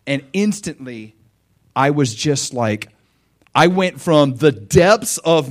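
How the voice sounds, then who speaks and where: A man preaching a sermon as a personal story, conversational with fillers and questions to the listeners, swinging from hushed tones to loud shouts. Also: a little high, expressive, takes it slowly. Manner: emotional storytelling with big swings from quiet to shouting.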